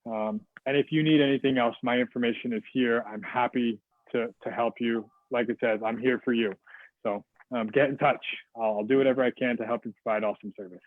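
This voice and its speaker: A man's voice: mid-range voice, steady tone, fairly quick, no echo. A man giving a customer service talk over a video call, casual and rambling with fillers and restarts. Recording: dry, phone-like video call audio.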